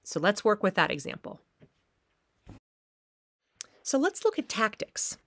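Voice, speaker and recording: A woman's voice: mid-range voice, wildly swooping pitch, unhurried, a bit bright, no echo. A woman theater teacher giving a recorded lecture on acting, now and then acting out short quoted pleas and threats as examples.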